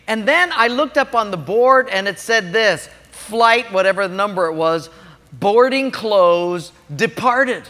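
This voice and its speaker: Male pastor, high voice, animated storytelling sermon, long hall reverb. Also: a little slow. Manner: animated storytelling, addresses listeners directly.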